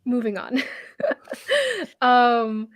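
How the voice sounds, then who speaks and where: A woman's voice: a little high, level tone, extremely slow, no echo, highs cut off. A woman narrating as a tabletop game master, rambling with many fillers and self-corrections.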